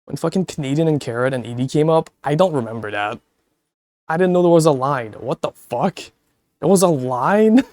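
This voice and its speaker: A man's voice: fairly high pitch, expressive, normal speed, a little mellow, no echo. A man chatting casually on a stream, telling stories with a lot of swearing and laughter. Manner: profane, laughing storyteller; talks to chat viewers.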